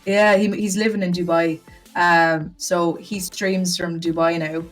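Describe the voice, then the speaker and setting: A woman's voice: lowish voice, little pitch movement, unhurried, recorded from a distance, faint music behind. A young woman, chatting casually as a podcast guest, rambling with lots of fillers. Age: young adult.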